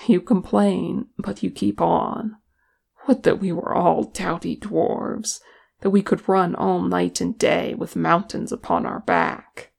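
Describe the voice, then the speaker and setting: A reader voicing a calm, soft-spoken male elf in a fan fiction audiobook, measured and quiet. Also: mid-range voice, vocal fry, full character voice. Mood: teasing.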